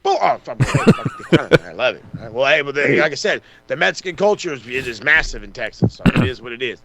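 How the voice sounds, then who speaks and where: Excitable, profane man recapping wrestling. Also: mid-range voice, quick pace, vocal fry. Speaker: podcast co-host. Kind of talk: casual wrestling recap chat.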